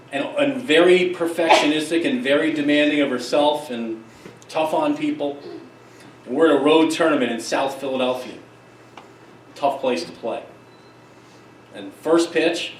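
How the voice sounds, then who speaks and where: Man giving an animated keynote in an echoey hall. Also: medium pitch, a little hiss or hum. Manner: lively, emphatic storytelling with asides. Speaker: keynote speaker, psychologist. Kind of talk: conference keynote talk. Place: conference hall. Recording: echoey hall, distant mic, faint ambience.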